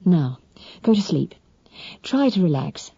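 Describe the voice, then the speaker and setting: A woman voicing a spirited young woman who speaks in a brisk, coaxing and firm way. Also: on the low side, sing-song, gravelly, dark tone, breathy edge, dry recording, muffled recording, heavily acted. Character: spirited young Englishwoman, kind but firm.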